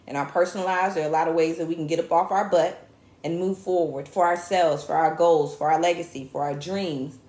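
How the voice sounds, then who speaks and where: A woman's voice: low-pitched, brisk. A woman with a Southern US accent hosting a casual comedy talk show, joking and speaking with conviction. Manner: animated, joking, preachy asides. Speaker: host. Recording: echoey room.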